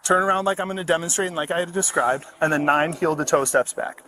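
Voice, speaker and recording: A male police officer calmly giving field sobriety test instructions at a roadside stop. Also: a little high, poor audio. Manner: calm, measured, procedural. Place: outdoors at a roadside traffic stop. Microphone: body camera. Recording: faint noise, body camera audio.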